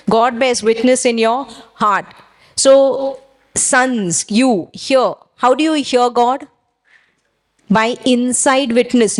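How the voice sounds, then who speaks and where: A woman pastor preaching a sermon, exhorting her church and drawing responses with quick questions. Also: on the high side.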